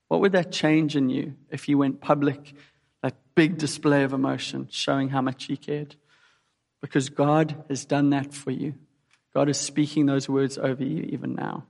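A man's voice: mid-range voice, creaky. A man preaching a sermon in an earnest way, putting direct questions to his listeners. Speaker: pastor. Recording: long hall reverb.

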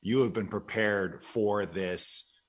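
Jovial low-voiced Christian co-host. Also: male voice, fairly even intonation, takes it slowly, noisy background. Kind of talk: casual talk show chat.

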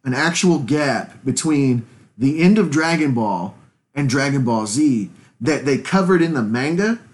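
A man co-hosting a casual podcast chat, animated and laughing often. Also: mid-range voice, unhurried. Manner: animated, laughs often, quotes scenes in put-on voices. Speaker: podcast co-host.

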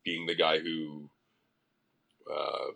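A man, a musician guest on a podcast, telling stories in a casual, animated way and swearing freely. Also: a bass voice, drawn-out words, creaky. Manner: profane, animated storyteller. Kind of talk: casual interview storytelling.

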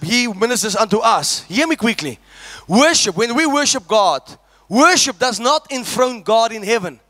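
A man preaching a sermon, shouting and calling out to the congregation. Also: very high voice, dry recording. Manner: shouting, call-and-response preaching.

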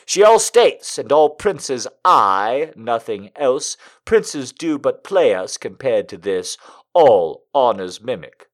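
A man hosting a poetry show, reading poems aloud and chatting casually, laughing often between asides. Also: medium pitch.

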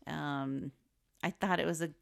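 A woman's voice: deep voice, fairly even intonation, measured pace, creaky. A woman co-hosting a podcast, chatting casually about a film and laughing easily. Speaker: podcast co-host.

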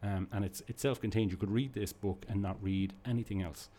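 A podcast host reviews comics with casual enthusiasm, rambling and often restarting his sentences amid filler words. His voice is fairly low, steady and warm, and he talks a little fast.

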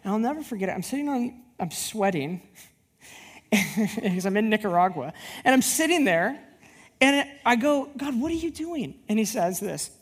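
A woman preaching a sermon as a youth pastor, with a husky, slightly breathy voice. She tells her stories with animation and slips into the voices of the people in them. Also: mid-range voice, normal speed. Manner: animated storyteller who acts out dialogue. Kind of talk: sermon with personal storytelling.

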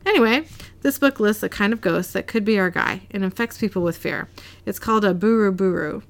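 A dry, blunt older male hunter mentor, read out by a woman in her everyday voice. He lays out grim lore flatly, at a middle pitch, as if reading it off a page. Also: brisk, lightly acted.

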